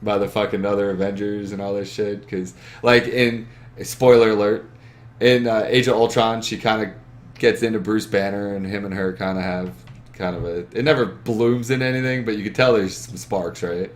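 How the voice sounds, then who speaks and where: A man's voice: fairly low pitch, level tone, normal speed. A young man hosting a gaming podcast from a webcam setup, talking in a rambling, profane, emphatic way. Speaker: podcast host. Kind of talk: casual chat.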